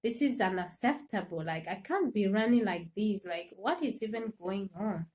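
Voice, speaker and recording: A woman's voice: medium pitch, animated, normal speed, darkish tone. A woman hosting a livestream, chatting casually and animatedly, laughing often and speaking directly to her viewers. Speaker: livestream host.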